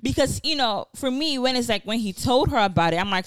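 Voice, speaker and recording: Animated, expressive woman podcaster. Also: on the high side, brisk, crowd noise. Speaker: podcast co-host. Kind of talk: casual chat.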